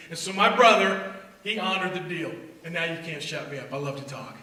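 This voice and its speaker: Animated man preaching in echoey hall. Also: a little fast. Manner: animated, swings between loud bursts and low intense asides. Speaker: speaker at a youth faith event. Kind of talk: energetic motivational talk to students. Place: church hall. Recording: echoey hall recorded from far off.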